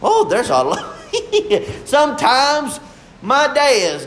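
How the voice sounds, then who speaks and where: High-voiced, slow-preaching young man. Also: huge pitch swings, a little hiss or hum. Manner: fervent, drawn-out preaching with shifts between soft and emphatic. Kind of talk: sermon.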